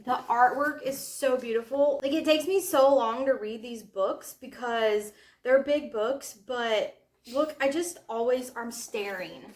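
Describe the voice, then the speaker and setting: A woman chatting excitedly as a book vlogger, gushing with drawn-out exclamations. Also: on the high side, roomy sound. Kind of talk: casual vlog chat.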